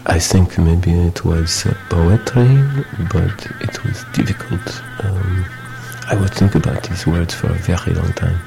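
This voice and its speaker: A man playing a lonely French prisoner, speaking softly and haltingly with a French accent. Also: deep voice, creaky. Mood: hesitant. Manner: halting, soft, hesitant, with many fillers. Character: lonely French male prisoner, gentle, earnest. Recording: music playing behind.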